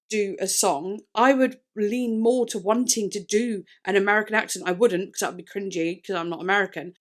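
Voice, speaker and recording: A young woman from the UK with a British accent, chatting casually in a music reaction vlog, rambling and tripping over her words. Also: medium pitch. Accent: British English. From United Kingdom. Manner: rambling, all over the place, trips over words. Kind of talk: casual chat.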